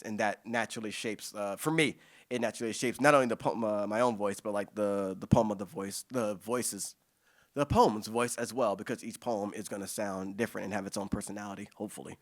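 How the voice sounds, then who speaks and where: A poet in his forties with a voice on the low side answers audience questions at a reading. He talks fast and excitedly, restarting often and swearing casually.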